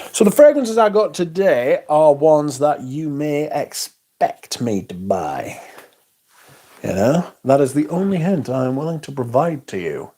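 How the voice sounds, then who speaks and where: A man's voice: fairly high pitch, dark tone, husky. A man hosting a livestream, chatting casually, reading out comments and swearing in exasperated asides. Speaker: livestream host.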